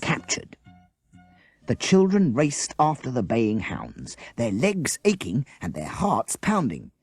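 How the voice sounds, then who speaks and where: A man reading a children's adventure audiobook aloud, with very animated, character-driven narration. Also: medium pitch, unhurried, husky, dry recording, soft background music. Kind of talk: storybook narration.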